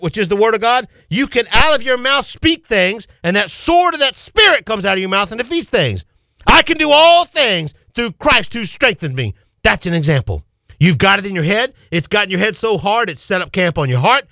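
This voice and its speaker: A man's voice: high-pitched, bright, forceful tone, no echo, studio quality. A man preaching a radio sermon, fervent and exhorting, repeating his key phrases to the listeners.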